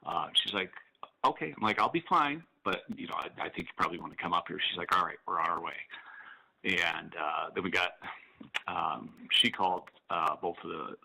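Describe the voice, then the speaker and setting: Cop guest on talk radio, real low voice, bright edge, tells it straight with dark jokes. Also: male voice, normal speed, vocal fry, breathy edge, low-quality recording. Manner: matter-of-fact storytelling with dark humor. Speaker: police officer guest. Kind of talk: telling a story on a call-in radio show.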